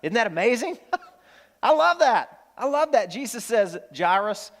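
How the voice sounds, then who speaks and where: A man preaching a sermon as pastor, animated, swinging from loud exclamations to hushed, tender lines. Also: extremely high pitch, measured pace.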